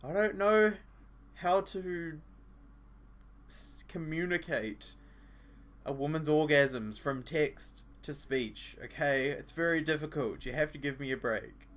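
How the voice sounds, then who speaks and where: A man, hoarse from losing his voice, making joking, exasperated asides as a let's play host. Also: on the high side, slow, fairly bright tone. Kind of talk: sarcastic game commentary.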